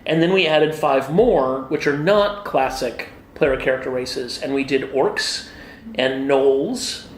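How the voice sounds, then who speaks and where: A man's voice: medium pitch, takes it slowly, a little hiss or hum. A middle-aged man, a game designer, chatting eagerly in a casual interview at a convention, with many fillers. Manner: enthusiastic, animated storyteller with many fillers. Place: busy convention hall. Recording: echoey convention hall with faint ambience.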